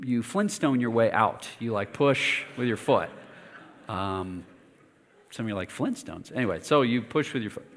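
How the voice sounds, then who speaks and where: A pastor preaching a sermon, telling a personal story in an animated, self-mocking way with lively asides. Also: male voice, medium pitch. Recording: long reverb of a church hall.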